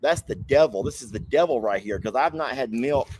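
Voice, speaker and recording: A man's voice: mid-range voice, expressive, brisk, darkish tone, slightly rough, dry recording. Playful, chatty male vlog host. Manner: playful, chatty, self-teasing. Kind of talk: casual vlog chat.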